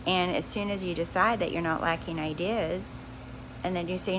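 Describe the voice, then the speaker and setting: A woman hosting a live stream on spiritual growth, speaking calmly and directly to her viewers, often repeating phrases. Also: lowish voice, moderate pace, noisy background. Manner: calm, reassuring, repeats herself, addresses viewers directly. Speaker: livestream host.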